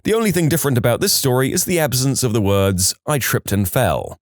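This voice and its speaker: Lively dry-voiced male story narrator. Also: mid-range voice, brisk, no room sound. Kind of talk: scripted narration of reader stories.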